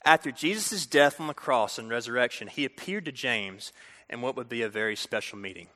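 A man preaching a storytelling sermon, talking directly to the audience in an animated way. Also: mid-range voice, fairly quick. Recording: reverberant hall.

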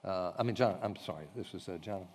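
A man's voice: low voice, darkish tone, a little hiss or hum. Man as a church teacher, casual and rambling, recorded in an echoey hall. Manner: conversational storyteller, halting with fillers and restarts. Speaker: pastor leading an evangelism training class. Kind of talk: teaching talk with a personal anecdote. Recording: long hall reverb.

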